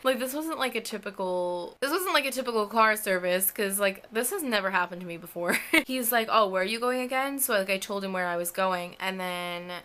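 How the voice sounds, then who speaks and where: Young woman vlogging a storytime, bright edgy voice, says like constantly and swears a lot, does the other people's lines too. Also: medium pitch, normal speed, few pauses. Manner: chatty, fills every sentence with "like", swears often; acts out both sides of the conversations. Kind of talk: casual storytime vlog.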